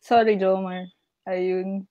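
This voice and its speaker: A woman's voice: medium pitch, level tone, slow pace, no room sound, muffled recording. A woman from the Philippines, a guest on a casual live chat, laughing often and mixing Filipino into her English.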